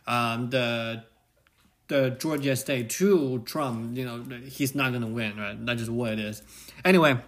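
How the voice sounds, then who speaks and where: A man's voice: medium pitch, a bit bright. A man hosting a reflective solo podcast. He talks in a rambling way, with many restarts and frequent "right?" tags. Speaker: podcast host.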